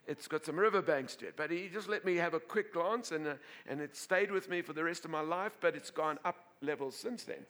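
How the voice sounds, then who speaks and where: Bright-voiced, animated male preacher. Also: fairly high pitch, normal speed. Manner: animated, laughing, repeats and restarts words. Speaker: pastor. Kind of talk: sermon with storytelling.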